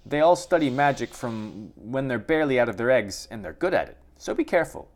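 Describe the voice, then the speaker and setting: A man's voice: mid-range voice, brisk, natural voice. A man voicing a big, poised but scatterbrained spider who speaks politely and rambles. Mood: rambling. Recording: steady background noise.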